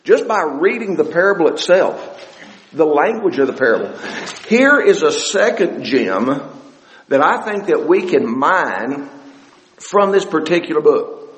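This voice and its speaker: A man preaching a sermon as pastor of a church, animated and repeating words, slowing down to stress a point. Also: fairly high pitch, long reverb tail, rough recording.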